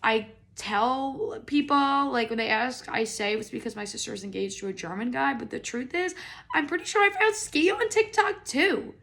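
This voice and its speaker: This is a young woman with an American accent, a podcast host spinning a comedic story from her own life. Her voice sits slightly high and rings bright. She rambles casually, says "like" constantly and swears without a second thought. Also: moderate pace, gravelly. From United States. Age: young adult. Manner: chatty and animated, with frequent "like" and swearing.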